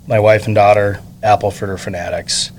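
A middle-aged father interviewing a shop owner in a friendly, chatty way, often answering with quick agreeing words. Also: fairly low pitch, little pitch movement, a little hiss or hum. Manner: chatty, agreeable, many short backchannels. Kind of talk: casual interview.

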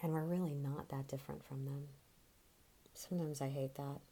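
A woman performing a theatrical monologue, telling a story in a conversational, animated way with casual swearing. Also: extremely low pitch, moderate pace, husky.

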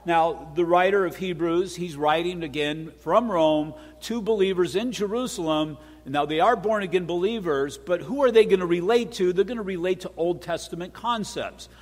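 A middle-aged pastor delivering a sermon, earnest and emphatic, building with repetition. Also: male voice, fairly high pitch. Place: church sanctuary. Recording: long church hall reverb.

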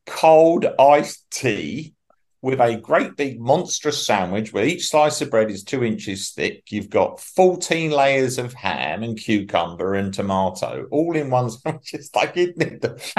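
An English man in his sixties co-hosting a podcast, chatting casually and telling jokey, animated stories. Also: mid-range voice, unhurried. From England. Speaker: podcast co-host. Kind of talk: casual chat.

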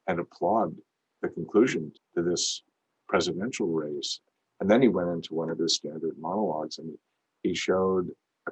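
Low husky-voiced man. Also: rough recording. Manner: earnest, reflective storytelling. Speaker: podcast co-host. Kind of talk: casual conversation.

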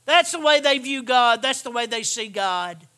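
A man preaching a sermon, emphatic and repetitive, swinging from hushed asides to shouted lines. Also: extremely high pitch, expressive, normal speed.

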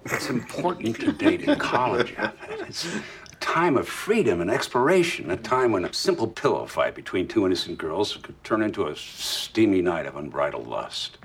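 An actor playing a pompous, tactless older man in a sitcom, making crass jokes with a lively, lowish voice. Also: normal speed, creaky, background noise, heavily acted. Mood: smug. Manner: smug, crass jokes delivered lightly. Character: tactless older male college student, pompous. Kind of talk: sitcom acting. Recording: sitcom clip with music underneath.

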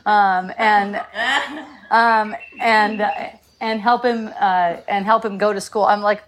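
A woman's voice: medium pitch, fairly even intonation, takes it slowly, a bit bright. A middle-aged woman telling a story about her sons in a casual chat, laughing often and rambling with many restarts.

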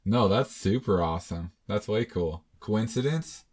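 A man's voice: low-pitched, fairly even intonation, normal speed, a little mellow. A man co-hosting a casual podcast, joking and laughing as he reacts to movie talk. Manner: jokey, laid-back, laughs often. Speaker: podcast co-host.

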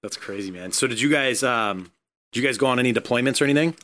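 A man's voice: mid-range voice, quick pace, pushed and bright, a little hiss or hum. A man hosting a casual chat, reacting with short responses and laughter, then asking a question.

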